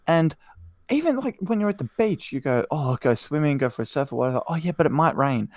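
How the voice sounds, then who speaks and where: A man's voice: mid-range voice, sing-song, brisk, a little mellow, no echo, studio quality. A young man co-hosting a podcast, chatting casually and ranting in mock outrage. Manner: jokey, mock-outraged rants. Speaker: podcast co-host.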